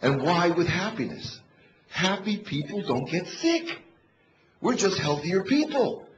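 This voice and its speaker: An older man giving a funny motivational talk on stage to a live audience, animated and storytelling. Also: high-pitched, measured pace. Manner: animated storyteller, bursts into shouts to rouse the crowd. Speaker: motivational comedian. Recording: echoey, dull live hall recording with noise.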